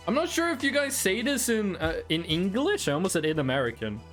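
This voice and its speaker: Soft background music plays as this gamer streams from home. A native Norwegian speaker with a medium-pitched voice at moderate pace, he's lively and jokey in casual chat, wandering off on tangents and dropping the occasional swear word.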